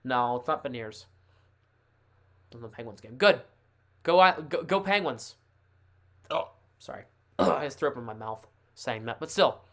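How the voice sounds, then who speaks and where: A man hosting a casual live sports stream, thinking aloud in a chatty, excitable way. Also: mid-range voice, measured pace, pauses often. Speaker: livestream host.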